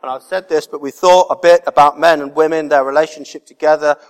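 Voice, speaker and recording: A man's voice: on the high side, steady tone, fast, clean tone. A man preaching a sermon as pastor, earnest and repeating key words for emphasis. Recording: reverberant hall.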